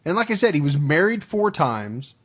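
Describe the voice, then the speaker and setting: A male podcast host, his voice pitched a little above the typical man's, chats casually with a co-host on a true crime podcast. At a moderate, sing-song pace, he reads through supporter names and then lays out the facts of a case in a dry, matter-of-fact way.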